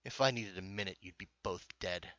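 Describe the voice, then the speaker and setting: A man voicing a hostile, gruff local male vampire who talks low and with contempt. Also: fairly quick, fairly bright tone, dry recording, dull audio. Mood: menacing.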